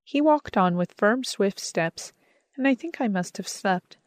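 A woman calmly reading a first-person audiobook narration in a measured, earnest manner. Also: mid-range voice, no echo. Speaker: audiobook reader.

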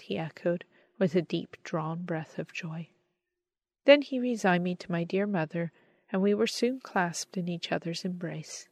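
A woman narrates a story in a measured, expressive way. Her voice sits on the low side and is recorded close and dry, with no room around it. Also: no room sound. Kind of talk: scripted audiobook narration.

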